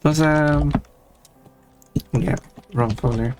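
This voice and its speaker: Over background noise, a streamer with a mid-range voice chats casually and very slowly while drawing. They ramble, break off mid-thought, and playfully hum to themself.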